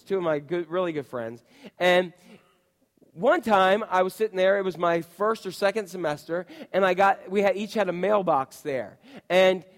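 High-voiced pastor preaching in a reverberant hall. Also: male voice. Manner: storytelling, asks the congregation questions. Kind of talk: sermon with personal stories.

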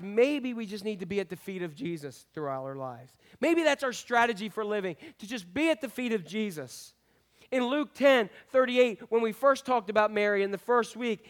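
A man's voice: sits high, animated, moderate pace, clear, resonant tone. A middle-aged man preaching a conversational sermon as pastor, often asking the congregation questions.

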